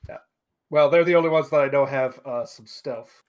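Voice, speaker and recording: A man's voice: medium pitch, moderate pace. A man playing a tabletop game who thinks aloud and hesitates, laying out his character's orders. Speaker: player.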